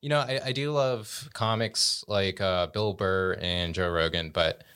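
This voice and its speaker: A young man with a fairly low voice, chatting as a comedian guest on a podcast. He tells his stories loosely, breaks into laughter often and restarts his sentences. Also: measured pace, a bit bright, clean tone. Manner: laid-back storytelling, laughs often, many restarts. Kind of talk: casual podcast chat.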